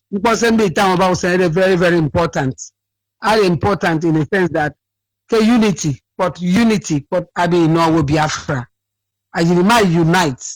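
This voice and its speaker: A man phones in to a radio show, tired and cracking in voice. He talks in a high, dry tone, rambling and circling back on his words as he slips between English and his dialect. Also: dry recording, rough recording. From Akwa Ibom State, Nigeria. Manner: rambling, repeats himself, switches to his dialect. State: sleepy, cracking voice. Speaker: caller.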